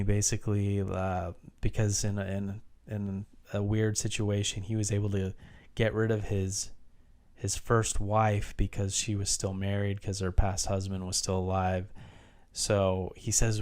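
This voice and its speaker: Man, low-pitched, smooth clear voice, casual movie review, rambling with restarts. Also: flat delivery, unhurried, a little mellow. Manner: rambling plot recap with frequent restarts and fillers. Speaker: film reviewer.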